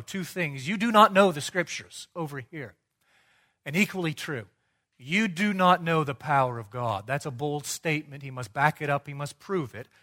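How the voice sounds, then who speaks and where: A man preaching a sermon, emphatic and rhetorical, dropping low and quiet and then rising loud for his points. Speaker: pastor.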